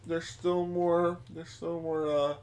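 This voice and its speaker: A man's voice: on the high side, flat delivery, slow pace, a little mellow. A man co-hosting a podcast, chatting casually about a TV episode and jumping in with asides and jokes. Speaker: podcast co-host. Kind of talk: casual chat recapping a TV episode.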